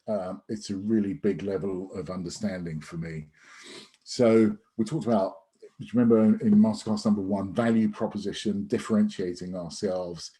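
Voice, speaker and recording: A man's voice: low-pitched, mellow. A man teaching an online sales masterclass in a conversational, emphatic way, with frequent restarts and fillers. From United Kingdom. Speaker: sales trainer. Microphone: video call.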